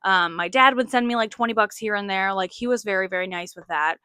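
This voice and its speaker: A woman's voice: medium pitch, fast, bright, forceful tone, clean tone, dry recording, clean studio sound. A woman in her late twenties hosting a podcast, telling stories in a chatty, self-mocking way full of "like" fillers. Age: late 20s. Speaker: podcast host. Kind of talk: casual storytelling monologue.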